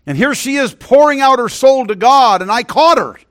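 A middle-aged man preaching a sermon, earnest, often dropping to a hushed voice when he tells a story. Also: extremely high pitch, lively intonation, normal speed. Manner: earnest, drops to a hushed voice for stories.

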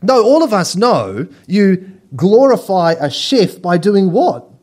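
Animated preaching man, slightly high voice. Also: takes it slowly. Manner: lively storytelling, acting out little scenes. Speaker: pastor. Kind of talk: sermon.

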